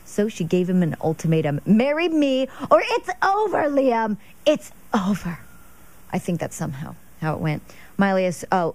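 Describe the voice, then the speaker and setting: A woman's voice: fairly low pitch, a little mellow. Chatty woman hosting a gossip segment. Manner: chatty, laughs often. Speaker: entertainment news segment host. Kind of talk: casual gossip chat.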